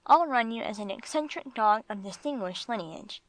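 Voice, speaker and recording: A woman's voice: a little high, animated, moderate pace, close to an everyday voice, rough recording. A woman voicing a polite, curious young male dog who asks careful questions in an audiobook.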